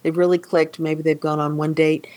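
A woman co-hosting a podcast, chatting casually about a film and retelling scenes in a lively way with frequent laughs. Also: deep voice, moderate pace. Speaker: podcast co-host.

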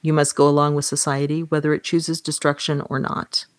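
A calm, wise bartender robot, voiced by a woman reading aloud delivers its lines in a measured, matter-of-fact way. The voice sits fairly low and the sound is dry and close. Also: dry recording, lightly acted.

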